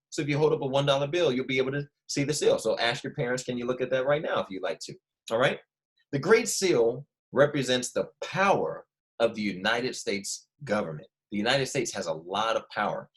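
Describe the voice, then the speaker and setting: A young man with a slight Philadelphia accent, teaching a first grade history lesson and patiently repeating key words for small children. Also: mid-range voice. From Philadelphia family. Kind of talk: online classroom lesson.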